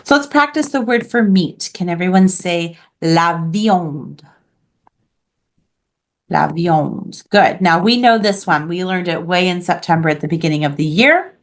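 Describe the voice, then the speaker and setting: A woman's voice: on the low side, brisk. A woman teaching a beginners' French class online, patiently modeling each word for her students. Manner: patient, clear modeling of pronunciation.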